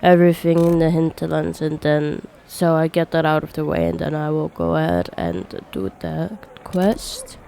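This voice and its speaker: A woman recovering from a bad cold, giving slow let's-play commentary and mumbling to herself as she plays. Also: sits low, animated, creaky, mellow, slight background noise. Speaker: gamer.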